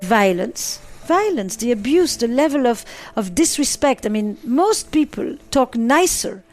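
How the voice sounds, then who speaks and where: A woman's voice: on the high side, big pitch swings, a little slow, faint music behind. A middle-aged woman psychotherapist answering interview questions, emphatic and given to repeating phrases for effect.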